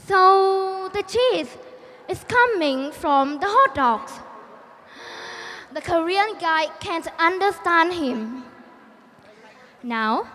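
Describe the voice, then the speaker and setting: A young woman from Vietnam with a Vietnamese accent, giving a deliberate, story-led prepared talk in a large hall. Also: very high-pitched, a bit bright. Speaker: speaker. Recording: long hall reverb, faint background noise.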